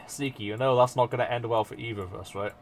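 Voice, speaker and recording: A man's voice: mid-range voice, fairly even intonation, normal speed. A man streaming live, chatting casually and self-mockingly with his viewers and swearing freely as he works.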